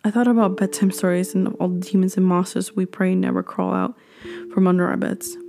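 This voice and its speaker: A woman reading a horror story aloud, slow and hushed, sometimes dropping to a whisper. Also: on the low side, flat delivery, vocal fry, faint music behind.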